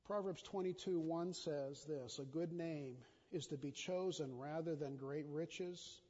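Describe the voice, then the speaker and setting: A middle-aged man preaching a sermon in an earnest, conversational way, often repeating himself as he speaks, swinging from urgent and loud to quiet and intimate. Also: a little high, unhurried. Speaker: pastor. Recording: dull sound with long hall reverb.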